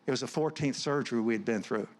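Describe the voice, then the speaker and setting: On a church stage, a middle-aged counselor speaking as a guest delivers an earnest, conversational sermon packed with personal stories. He talks fast at a medium pitch and often restarts his words.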